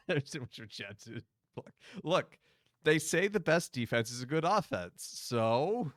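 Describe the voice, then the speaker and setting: A priest hosts a game livestream, chatting casually with viewers and laughing often as he gives commentary. His mid-range voice is fairly bright, with big pitch swings and a measured pace. The sound is dry and studio-clean.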